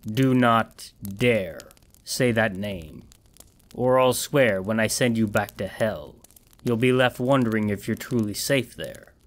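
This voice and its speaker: A tall, battle-scarred wanderer speaks with grave, weary authority, played by a male narrator. The delivery is measured and commanding, each word weighted. He sounds tired of explaining the horrors around him. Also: on the low side. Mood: stern. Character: stern, weary male warrior, deep rumbling voice.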